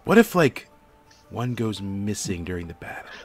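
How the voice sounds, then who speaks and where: A man's voice: on the low side, sing-song, moderate pace, faint music behind. A man voicing an eager, hungry young male dragon who pleads and sometimes whispers. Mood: pleading.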